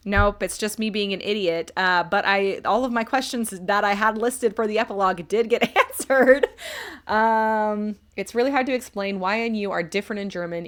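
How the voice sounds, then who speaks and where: A woman's voice: mid-range voice, animated, normal speed, fairly bright tone. A woman in her thirties chatting casually on a live stream, reviewing a book, joking at herself and reading chat comments aloud. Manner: chatty and self-mocking, reads chat aloud.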